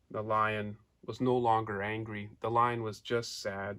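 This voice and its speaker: A man reading a children's story aloud in an animated way, pointing out pictures and asking his listeners questions. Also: lowish voice, measured pace, hardly any pauses. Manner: points out pictures while telling.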